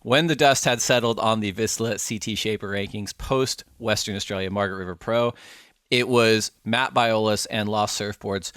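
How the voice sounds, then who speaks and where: Male host, somewhat low voice, steady scripted read, dry sound. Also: normal speed, no echo. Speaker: show host. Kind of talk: presenting a ranking segment.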